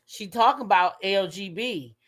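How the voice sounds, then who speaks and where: A woman hosting a casual gossip livestream, talking with her chat, swearing freely and breaking into high shrieks as she retells her reactions. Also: moderate pace, a bit bright. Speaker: livestream host.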